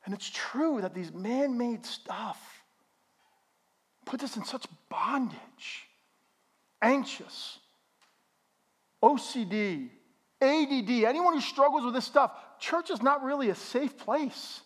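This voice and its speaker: A middle-aged man preaching a sermon as a pastor in a church, animated and joking with the congregation. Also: very high-pitched, slow pace, long pauses.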